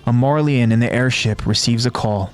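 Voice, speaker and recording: A man who hosts a podcast, retelling an anime episode scene by scene in a steady, descriptive way. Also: medium pitch, moderate pace, soft background music. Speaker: podcast host.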